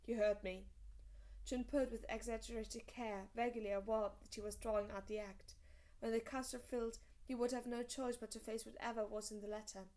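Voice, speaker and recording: A woman reading a fantasy novel aloud as an audiobook narrator, steady and measured. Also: fairly high pitch. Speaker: audiobook reader.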